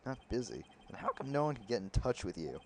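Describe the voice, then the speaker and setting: A man's voice: mid-range voice, very animated, fast, a little mellow, a little hiss or hum. A man voicing a young male defense attorney in a flustered, earnest way, close to his own voice.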